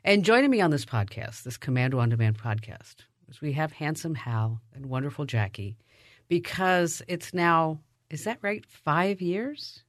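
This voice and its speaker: A woman hosting a podcast, telling a story in a casual, animated, self-mocking way and interviewing her guests. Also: low-pitched, moderate pace, no room sound, studio quality. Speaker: podcast host.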